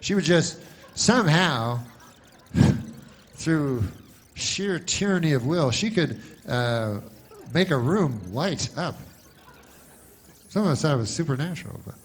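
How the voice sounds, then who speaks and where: Deadpan rambling male stand-up comedian. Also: fairly high pitch, slow pace, pauses often, breathy edge. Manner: meandering, deadpan, many asides.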